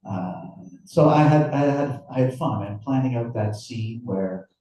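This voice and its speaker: A man's voice: medium pitch, unhurried, dark tone, distant mic, a little hiss or hum. A man, an author, chatting casually and self-deprecatingly about his novel at a book event. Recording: very echoey room, voice from afar.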